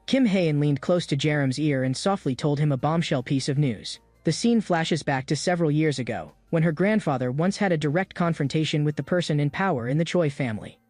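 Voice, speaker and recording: A man narrating a comic story recap in an even, polished storytelling manner. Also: on the high side, dry recording. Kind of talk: scripted narration.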